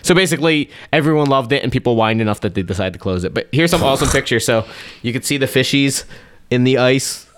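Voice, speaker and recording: A man's voice: medium pitch, animated, fast. A man co-hosting a comedy podcast, reading out news stories and adding sarcastic remarks. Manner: reads news items aloud, sarcastic. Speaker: podcast co-host. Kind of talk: casual comedy podcast chat.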